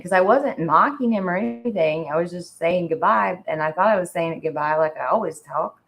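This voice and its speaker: Very low-voiced chatty woman. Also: animated, normal speed, poor audio. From Indiana. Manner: chatty, laughs often, says "like" a lot. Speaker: podcast co-host. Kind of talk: casual chat.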